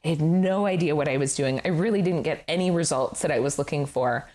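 A middle-aged woman, a guest telling her story in an interview, candid and animated, laughing often and swearing casually. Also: low voice, a little fast. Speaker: guest, furniture designer. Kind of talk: conversational interview.

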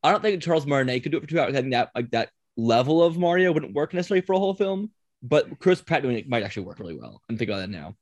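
A man's voice: mid-range voice, sing-song, very fast, no echo. A man hosting a casual podcast, chatty and rambling, often laughing. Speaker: podcast host.

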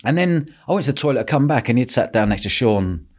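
A man hosting a podcast, telling a lively story with lots of laughter and quoted voices. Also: medium pitch, fast. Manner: animated, laughing, acts out quotes. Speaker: podcast host. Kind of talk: casual storytelling chat.

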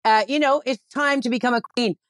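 A woman's voice: a little high, steady tone, a little fast, no echo, clean studio sound. Salty Newfoundland woman telling stories. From Newfoundland, Canada. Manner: salty, irreverent storyteller who swears freely. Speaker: comedian guest. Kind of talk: casual interview chat. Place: at home, remote interview.

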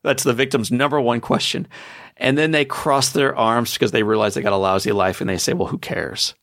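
A man's voice: medium pitch, brisk, a bit bright, no room sound, studio quality. A man in his forties telling his story as a podcast guest, with an emphatic, preacher-like motivational delivery.

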